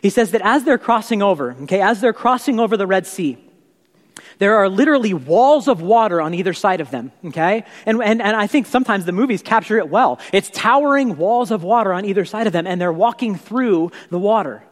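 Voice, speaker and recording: A male pastor preaching a sermon in a church, conversational and animated, often repeating words as he builds his point. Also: high-pitched, fairly quick. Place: church sanctuary. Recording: echoey hall reverb.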